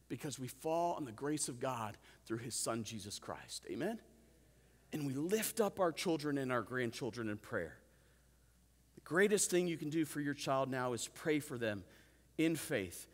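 Male pastor delivering a sermon, mid-pitched voice, long hall echo, earnest with wry asides. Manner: calls out "Amen?" and asks the congregation questions; earnest, with self-amused asides. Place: church sanctuary.

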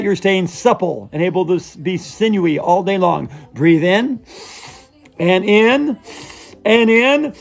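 A man playing an over-earnest female yoga instructor who leads a comic yoga class, chanting in a breathy sing-song. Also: high-pitched, heavily acted.

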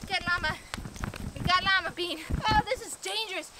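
A woman vlogging outdoors, excitedly calling out as she hunts for a lost toy llama. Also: very high voice, moderate pace, heavy background noise. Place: outdoors in woods.

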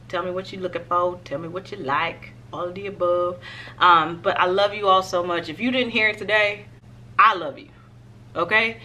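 A woman fashion vlogger chatting casually to her viewers in a try-on haul, expressive and direct. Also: mid-range voice, slight background noise.

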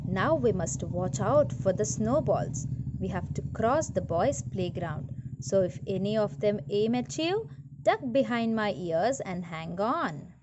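A brisk bossy house cat, as a woman reads her. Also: mid-range voice, very animated, lo-fi sound, noisy background. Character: cunning female house cat guide.

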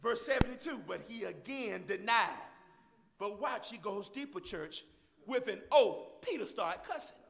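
A man preaching a sermon, loudly addressing the congregation as church, with a gravelly edge. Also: high voice, expressive, unhurried, crowd noise. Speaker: pastor.

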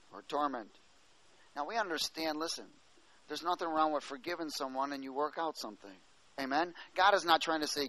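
A man's voice: on the high side, fairly bright tone, low-quality recording. A male preacher giving a sermon, reading scripture aloud, explaining it, and calling out to the congregation for an "Amen.". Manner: calls out to the congregation, asking "Amen?".

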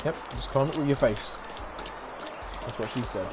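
A man giving excitable, profane let's play commentary as a gaming YouTuber, trash-talking and shouting now and then. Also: medium pitch, normal speed, a loud crowd. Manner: shouts and whoops suddenly. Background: game music.

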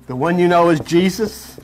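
A man's voice: high voice, slight background noise. A man delivering an impassioned, mocking monologue, breaking into snatches of song and imitating other people. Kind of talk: animated monologue.

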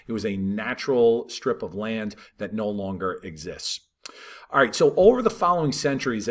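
A man with a lowish voice teaches history in a relaxed, conversational style, talking over maps and checking in with "right?" and "all right".

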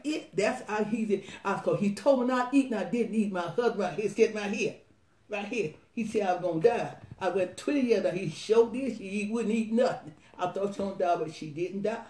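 A woman in her nineties, an evangelist, telling her testimony in a rambling, excited, laughing way. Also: medium pitch, fairly quick, reverberant, recorded from a distance. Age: 90s.

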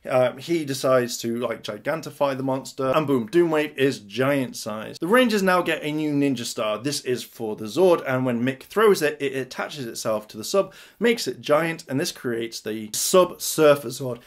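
Man, casual episode recap, mid-pitched voice, loose chatty delivery, filler words. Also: lively intonation, moderate pace, hardly any pauses. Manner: chatty, fills with "like" and "kind of". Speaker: TV episode reviewer.

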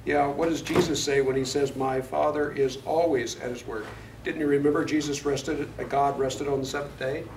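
A man's voice: mid-range voice, steady tone, normal speed, noisy background. A man from Florida teaching a Bible study lesson in a conversational way, often asking the class questions. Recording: echoey room, mic far off.

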